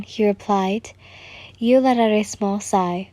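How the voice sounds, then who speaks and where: A woman reading a fan story aloud as narrator, in a calm, even way. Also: medium pitch, slow, no echo.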